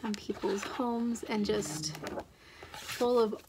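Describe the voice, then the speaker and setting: A woman's voice: fairly high pitch, little pitch movement, takes it slowly, noisy background. A young adult woman chatting casually in a home vlog, gushing and often trailing off and restarting her sentences. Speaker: book vlogger.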